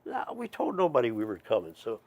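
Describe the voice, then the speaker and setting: A middle-aged man telling a personal story in a casual, rambling way, with halting restarts and asides. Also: mid-range voice, huge pitch swings, dry recording, phone-quality sound. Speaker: storyteller, Métis chief.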